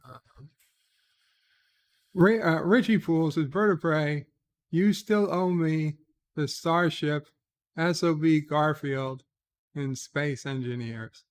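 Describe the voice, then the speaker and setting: A man's voice: a little high, slow, pauses often, clean tone. A man hosting a casual live stream, reading viewer comments aloud and answering them offhand, with frequent "uh" hesitations. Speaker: livestream host reading viewer chat. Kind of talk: casual late-night live stream chat.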